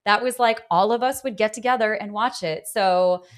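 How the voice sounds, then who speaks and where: A woman hosting a podcast, talking through relationships in a casual, animated way with lots of fillers. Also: mid-range voice, normal speed. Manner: animated, rising into laughter, chatty with fillers. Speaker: podcast host. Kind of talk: casual interview chat.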